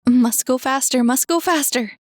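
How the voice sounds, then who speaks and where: A woman's voice: sits high, normal speed, dry recording, studio quality, voice pushed up, lightly acted. A woman voicing a boastful, teasing young woman who loves to win at video games. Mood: excited. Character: teasing young woman gamer, cocky and playful.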